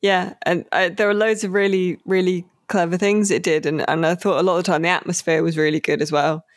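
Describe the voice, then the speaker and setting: A podcast co-host chatting casually about a game, rambling with many fillers and slowing down on key words. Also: medium pitch, little pitch movement, no room sound, studio quality.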